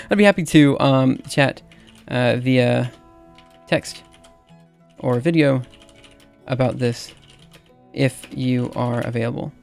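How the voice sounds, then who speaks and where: A man in his thirties from Alabama, with a Southern accent and a medium-pitched, gravelly, slightly mellow voice, chats casually on a livestream while typing. He's halting and filler-heavy, laughing at himself, with faint music and keyboard clicks behind him.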